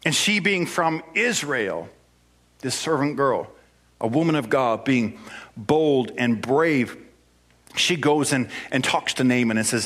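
A man's voice: mid-range voice, animated, slow pace, a bit bright. A man preaching a sermon, telling the story in a playful, conversational way.

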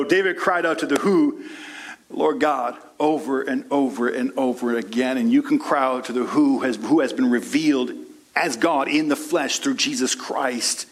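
A man preaching a sermon as pastor, rising into impassioned prayerful peaks and dropping to soft asides, calling the congregation honey and friends. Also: normal speed. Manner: impassioned preaching, swings from low and soft to high and loud.

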